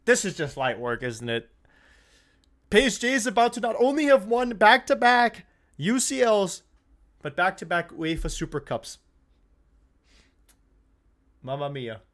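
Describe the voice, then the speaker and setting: A young man hosting a live football watch-along stream, chatting casually, swearing freely and getting worked up over the play. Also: high voice. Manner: excitable, swears freely, shouts and laughs at goals.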